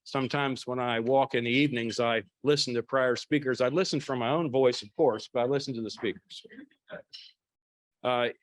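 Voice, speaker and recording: A man's voice: mid-range voice, fairly even intonation, normal speed, dry recording. Genial man opening a club meeting. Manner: genial, orderly, light self-deprecating asides. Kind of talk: formal welcome and announcements. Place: large banquet room with a crowd.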